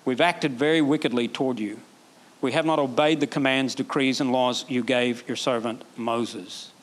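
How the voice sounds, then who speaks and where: A pastor preaching a sermon, animated, acting out quoted prayers in a raised voice. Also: male voice, mid-range voice, normal speed.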